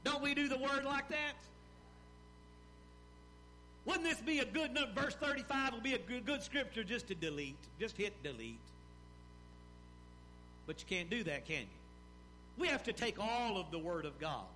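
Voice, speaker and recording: A man preaching a sermon in an animated style, with rising emphasis and pauses. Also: very high-pitched, slight background noise. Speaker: pastor.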